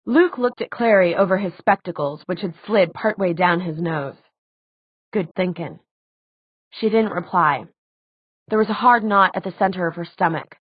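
Woman, audiobook narration, measured, lowish voice, muffled lo-fi sound. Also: breathy edge, no echo.

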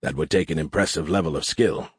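A calm, sly older alien surgeon speaks low and quietly, choosing his words with care, as a man reading an audiobook puts him on. His voice drops below the reader's own. The recording is dry and close. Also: no room sound, natural voice. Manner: quiet, measured, understated.

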